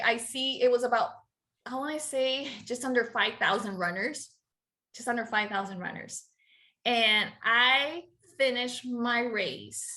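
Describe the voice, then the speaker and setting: A woman guest on a podcast, telling a personal story in a lively, chatty way and often laughing. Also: mid-range voice. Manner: lively, laughs often, acts out quoted dialogue. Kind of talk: casual storytelling.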